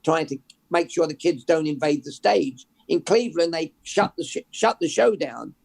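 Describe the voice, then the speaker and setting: An older man from England, a journalist guest, telling stories in a lively, conversational way with many restarts. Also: fairly high pitch, normal speed, gravelly, slightly rough. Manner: storytelling, animated, restarts with repeated words. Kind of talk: conversational interview.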